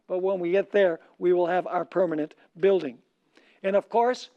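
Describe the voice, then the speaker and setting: A man with a high voice preaches a sermon and often pauses for the audience to finish his sentences. He slows down to read scripture in a raised voice. The recording is dull and lo-fi. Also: steady tone, mellow. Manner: slows down and lifts his voice when reading scripture. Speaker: pastor. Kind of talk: sermon lecture.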